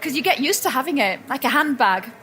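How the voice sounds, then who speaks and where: Female motivational speaker, high register, chatty, keeps restarting her sentences. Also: expressive, fast talker, a little hiss or hum. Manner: warm storytelling, frequent restarts and self-corrections. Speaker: speaker at a personal growth expo. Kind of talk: motivational talk to a live audience. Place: event hall with audience.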